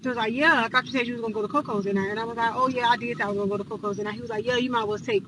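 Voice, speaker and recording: A woman's voice: fairly high pitch, steady tone, racing, background noise. A woman telling a casual storytime, blunt and profane, acting out the dialogue.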